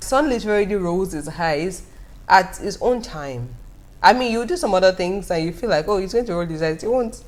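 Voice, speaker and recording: Animated woman vlogging. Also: lowish voice, moderate pace. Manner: animated, laughing often, talking straight to viewers. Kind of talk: casual storytelling to camera.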